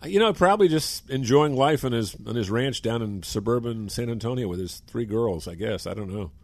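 A man's voice: medium pitch, lively intonation, a little fast, darkish tone, no room sound. A man in his sixties chatting as a guest on a sports talk show, a chatty storyteller. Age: 60s. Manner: chatty storyteller, mimics people in quotes. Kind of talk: casual radio talk.

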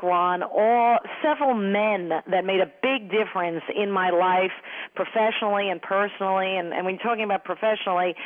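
A chatty middle-aged woman with a thick Long Island New York accent tells her story as an interview guest. She talks in an animated flow and keeps slipping into a giggling laugh. Her voice comes through a narrow, tinny phone line. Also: mid-range voice. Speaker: sportscaster guest. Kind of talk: casual interview answers. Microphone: telephone.

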